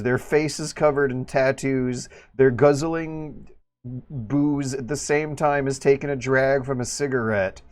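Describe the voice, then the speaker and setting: Rambling man streaming a game. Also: fairly high pitch. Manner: rambling and joking. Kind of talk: casual livestream commentary.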